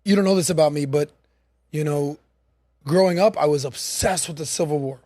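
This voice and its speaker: A man with a high-pitched voice hosts a casual podcast, telling his story in a lively way and acting out the other voices. The recording is dry, close to the mic. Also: brisk, no echo. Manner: animated storyteller, acts out quotes. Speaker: podcast host.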